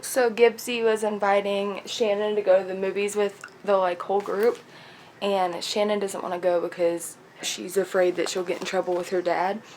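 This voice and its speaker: A woman's voice: medium pitch, little pitch movement, normal speed, darkish tone, a little hiss or hum. Giggly young woman gushing about a book. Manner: giggly, gushing, lots of filler likes. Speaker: book vlogger. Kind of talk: casual chat retelling a book.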